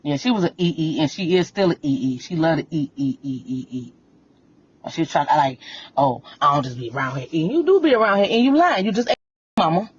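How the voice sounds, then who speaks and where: A woman's voice: lowish voice, big pitch swings, fast talker, a little mellow, lo-fi sound. A woman venting on a livestream, blunt and confrontational, repeating her points again and again. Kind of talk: heated livestream rant.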